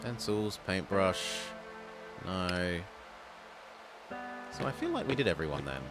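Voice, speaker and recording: A male game streamer with a low voice that swings widely as he reads on-screen text and chats between lines. Game music plays clearly under him. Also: big pitch swings, takes it slowly. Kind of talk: casual game let's play with dialogue read aloud.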